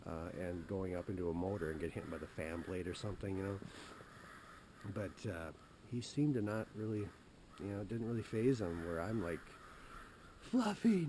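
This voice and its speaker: Low-voiced man rambling through a story. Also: mellow, a little hiss or hum. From Wisconsin. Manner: rambling and halting, many restarts. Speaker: hunting show host. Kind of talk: casual storytelling. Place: outdoors in the woods.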